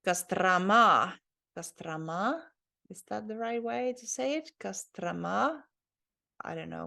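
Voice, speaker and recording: A woman's voice: fairly low pitch, gravelly, a bit bright. A woman teaching a recorded language lesson, spelling letters out carefully and often admitting she is unsure.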